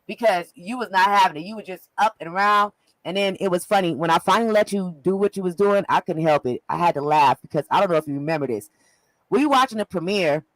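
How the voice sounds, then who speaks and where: Woman, casual gossip, lively storyteller, dry close sound. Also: fairly low pitch, fast, no echo, poor audio. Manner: animated storyteller, laughs often, acts out quotes. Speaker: co-host recapping an event.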